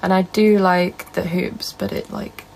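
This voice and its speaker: Chatty Northern English woman, gravelly. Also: on the low side, measured pace, poor audio. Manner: reads out and answers viewer comments in a relaxed, chatty way. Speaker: livestreamer. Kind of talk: casual live-stream chat.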